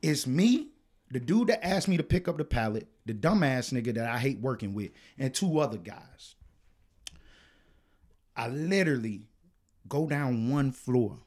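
Animated, profane man telling a story. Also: mid-range voice, a little slow, long pauses. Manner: animated, profane, gets loud and heated retelling arguments. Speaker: podcast co-host. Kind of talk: casual storytelling chat.

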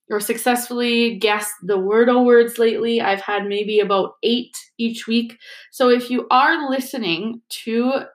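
A woman teacher reading a chapter book aloud to her students in a steady, expressive way. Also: a little high, echoey room, poor audio. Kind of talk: storybook read-aloud.

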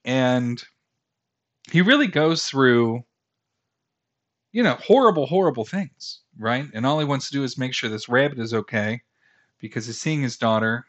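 A man's voice: mid-range voice, animated, normal speed, long pauses, fairly bright tone, dull audio. A man in his thirties hosting a fantasy podcast, talking casually in a rambling, self-deprecating way, full of fillers and restarts. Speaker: podcast host. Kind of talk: casual solo podcast commentary.

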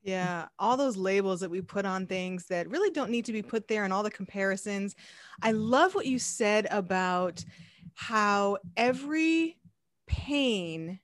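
A woman hosting a podcast interview, effusive and quick to agree in casual chat. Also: medium pitch, no echo, clean studio sound. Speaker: podcast host.

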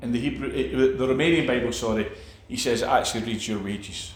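A man's voice: medium pitch, brisk, reverberant. A man preaching a sermon, emphatic, with repeated phrases and restarts.

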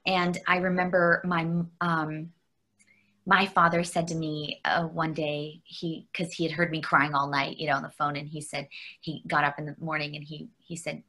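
A woman from Canada, a guest on an interview, telling a personal story candidly, halting with fillers and restarts and laughing often. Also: deep voice, flat delivery, sharp tone.

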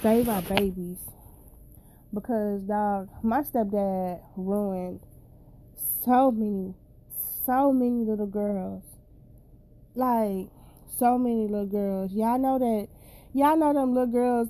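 A woman's voice: medium pitch, slow, long pauses, warm tone. Blunt, profane woman ranting to viewers. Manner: blunt, profane and preachy, addressing viewers directly. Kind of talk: casual straight-to-camera rant.

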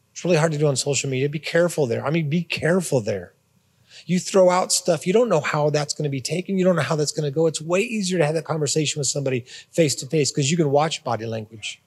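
A pastor gives a conversational sermon, repeating words and slipping in informal asides. His voice is on the high side, fast and breathy-edged, with a big-room sound captured on a phone or portable device.

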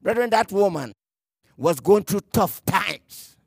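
A man preaching a sermon in a strikingly high voice, recorded dry and close. He is emphatic, lingers on the words he wants stressed, and sometimes repeats a word as he reaches for the next one. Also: expressive, creaky, breathy edge, dry recording. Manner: emphatic, slowing to stress key words, repeats words mid-phrase; reads scripture aloud in archaic phrasing.

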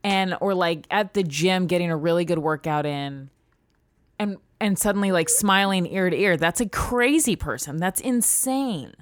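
Sarcastic woman comic, kinda low voice, blunt about everything. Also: normal speed. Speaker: stand-up comedian. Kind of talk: casual podcast chat.

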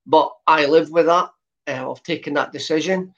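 A man in his fifties from Scotland with a softened Glasgow accent, telling stories as an interview guest with a lot of filler sounds. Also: on the high side, moderate pace. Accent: softened Glasgow Scottish. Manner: lots of uh fillers, chatty storytelling. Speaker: guest, former footballer. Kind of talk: relaxed interview chat. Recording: dull lo-fi sound.

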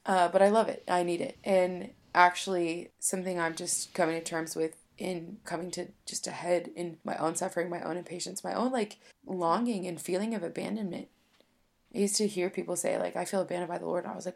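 Gravelly-voiced woman musing on faith. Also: on the low side, little pitch movement, fairly quick. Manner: chatty and reflective, heavy use of "like". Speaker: podcast co-host. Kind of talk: casual faith chat.

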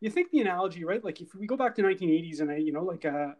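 A middle-aged man co-hosting a casual movie review podcast, animated, talking in quick bursts full of fillers and asides. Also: high voice. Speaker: podcast co-host.

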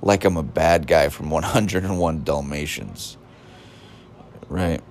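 Low voiced guy doing a slow rambling comedy rant, keeps cutting himself off. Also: a little hiss or hum. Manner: rambling, self-interrupting, scornful.

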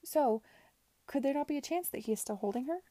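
A woman's voice: high voice, lively intonation, a little fast, dark tone, no echo, voice pushed up. A woman reading aloud and voicing an earnest, anxious young woman in an urgent, pleading tone.

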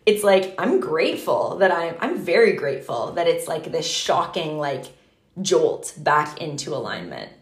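Animated woman, lower voice, echoey room. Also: measured pace. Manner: animated, fillers with "like", swears freely. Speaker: podcast co-host. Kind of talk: casual chat.

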